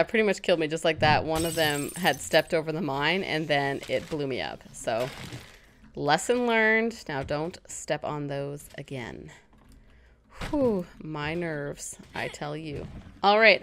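A woman hosting a casual let's-play, chatty and self-mocking, quickly startled into yelps. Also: on the low side, fairly bright tone, a little hiss or hum. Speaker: gaming channel host.

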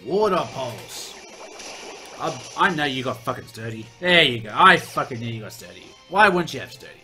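A young man giving gameplay commentary as a let's play host, excitable and profane, often yelling at the game. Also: medium pitch, moderate pace, soft background music.

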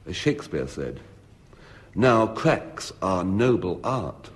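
A man on an archival radio comedy panel, delivering a humorous talk on jokes in a lively anecdotal storytelling style. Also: low-pitched, slow pace, noisy background. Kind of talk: humorous lecture with told jokes. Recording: archival broadcast recording.

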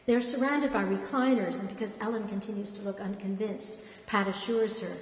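A woman author giving an expressive reading of her fiction in a hall. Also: medium pitch, moderate pace. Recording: echoey hall reverb.

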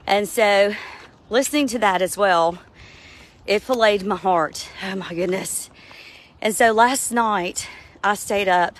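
A woman speaks slowly in a mid-range voice, sharing a personal testimony in an earnest, heartfelt way. She sounds like a devotional speaker talking straight to her listeners. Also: medium pitch.

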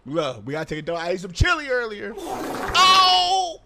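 Shrill, excitable male game commentator. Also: normal speed, creaky, very noisy. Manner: loud, joking, excitable, shouting. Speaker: gaming video host.

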